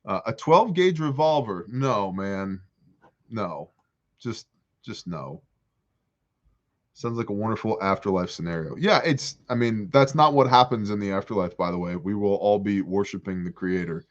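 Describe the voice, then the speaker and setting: A man's voice: on the low side, moderate pace, lo-fi sound. Joking man hosting a porch livestream. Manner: joking, animated, reads chat aloud. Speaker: livestream host answering viewer questions. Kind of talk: casual livestream chat reading comments. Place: outdoors on a porch.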